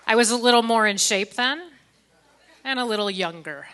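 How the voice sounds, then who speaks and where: A middle-aged woman from Indiana, in a very bright, ringing voice, delivers a gala keynote in a church hall. She holds a handheld mic and keeps it folksy and joking with the audience. Her voice sits a little high for a woman. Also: normal speed, smooth. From Indiana, USA. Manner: folksy and joking, talks straight to the crowd. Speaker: keynote speaker. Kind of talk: speech at a fundraising gala. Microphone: handheld microphone.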